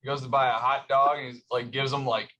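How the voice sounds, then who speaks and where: A man with a medium-pitched voice chats on a podcast. He tells stories haltingly, with restarts, and chuckles along the way. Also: flat delivery, lo-fi sound, a crowd in the background. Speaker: podcast co-host. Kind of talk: casual chat.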